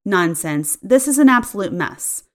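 A woman's voice: mid-range voice, unhurried, natural voice. A woman voicing a steely, composed wife who speaks firmly and evenly. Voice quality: firm, even, cutting.

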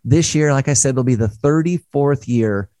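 A man's voice: mid-range voice, moderate pace, dark tone, dry recording. A middle-aged man hosting a studio chat show, upbeat and chatty with jokey asides. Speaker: host.

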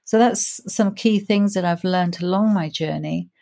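A woman in her sixties, a grief coach telling her own story in an interview, reflective and earnest, slowing down to stress key points. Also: fairly low pitch, vocal fry, warm tone. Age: 60s. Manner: reflective, earnest, slows down for emphasis.

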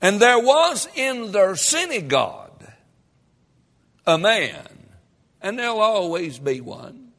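A man preaching a sermon as pastor, reading scripture and building emphatically to loud peaks. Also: sits high, sing-song, slow, long pauses. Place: church sanctuary. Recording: long hall reverb.

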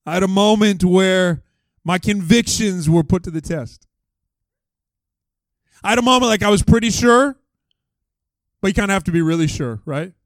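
A man preaching a sermon as pastor, telling a story in an animated way and acting out other people's voices. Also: high voice, moderate pace, long pauses, no echo. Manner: animated, acts out voices in stories.

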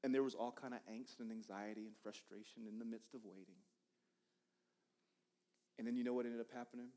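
A man in his thirties preaching a sermon, telling a personal story in a conversational way that swings from loud bursts to hushed asides. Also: medium pitch, fairly even intonation, brisk. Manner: conversational, repeats words and restarts.

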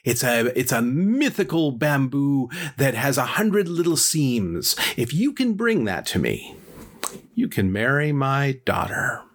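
A man's voice: mid-range voice, sing-song, unhurried. A man voicing a blustering middle-aged employer who stammers and hedges. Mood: bargaining. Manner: stammering, hedging.

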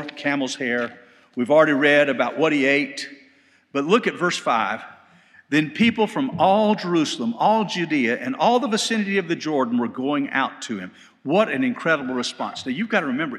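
A man gives a sermon-style Bible lecture with a lively, swooping pitch and a bright, forceful tone. His voice sits a little high for a man. The live church hall recording carries a long reverb tail. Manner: animated storytelling, shouting quoted lines. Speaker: Bible study teacher.

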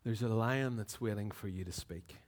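A man with a Northern Irish accent, a pastor preaching and reading a story aloud in an earnest, expressive way. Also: on the low side, normal speed. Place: church.

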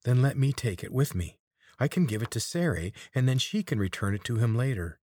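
A man's voice: mid-range voice, very animated, a little fast, darkish tone, no room sound, studio quality, pitched above the performer's own voice. A man voicing an impulsive young male hero who speaks urgently and pleadingly. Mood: anxious, pleading.

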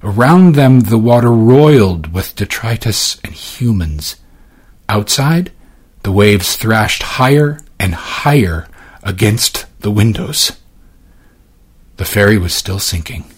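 A male audiobook narrator with a low, husky voice that has a breathy texture. His delivery swings widely in pitch, slowing and dropping for dramatic effect as he reads the scene. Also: lively intonation. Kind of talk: scripted narration.

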